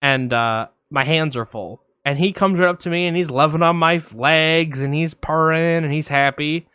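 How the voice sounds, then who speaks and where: Young dude on a podcast, rambly animated story, swears a lot, a bit high and bright. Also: male voice, normal speed, smooth, no echo, studio quality. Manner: animated, swears freely, acts out other voices. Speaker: podcast co-host. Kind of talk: casual storytelling.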